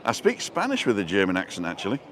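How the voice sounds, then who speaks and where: A man's voice: fairly low pitch, wildly swooping pitch, quick pace, a bit bright. A middle-aged man hosting a casual live stream as he walks outdoors through town streets, chatting and reading out viewer comments with a joking manner.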